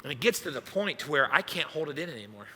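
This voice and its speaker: A young male youth pastor delivers a sermon through a self-mocking personal story. His voice is slightly high and strikingly bright and forceful. It carries the long reverb of a church hall. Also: fast, husky. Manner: animated, self-mocking storyteller acting out his own past lines.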